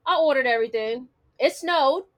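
A woman's voice: sits high, normal speed, fairly bright tone. A woman co-hosting a casual chat, teasing and playful as she tells stories. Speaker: podcast co-host.

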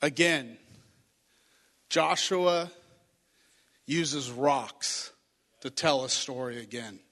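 A man's voice: medium pitch, extremely slow, fairly bright tone. Man preaching a story sermon in a hall. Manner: storytelling, acting out voices of Bible figures. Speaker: pastor. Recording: reverberant hall.

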